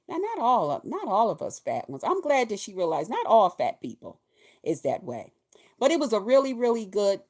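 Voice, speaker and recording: A woman's voice: fairly high pitch, darkish tone. Woman, host, casual livestream chat, folksy, chatty, addresses viewers. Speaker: host of a weekly live show.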